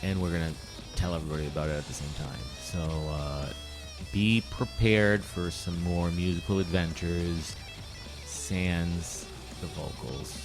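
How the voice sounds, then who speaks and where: A man's voice: sits low, steady tone, measured pace. A man co-hosting a podcast, telling rambling, profane stories in a casual chat. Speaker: podcast co-host. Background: music playing.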